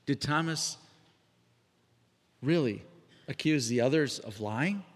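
A man's voice: medium pitch, lively intonation, takes it slowly, pauses often. A man preaching a sermon in a conversational way, sometimes acting out the voices of people he quotes. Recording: reverberant hall.

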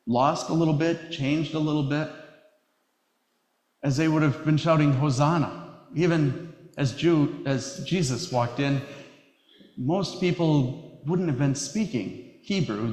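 Male pastor, sermon delivery, measured and emphatic, long church reverb. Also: on the high side, a little mellow. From Wisconsin. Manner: measured and emphatic, slowing on key phrases. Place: church sanctuary. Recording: echoey hall reverb.

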